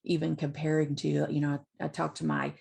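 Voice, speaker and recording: A woman who teaches literacy, retelling picture books for teachers in a slow, relaxed way with many ums. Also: low voice, creaky, slightly rough. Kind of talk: informal book talk to teachers.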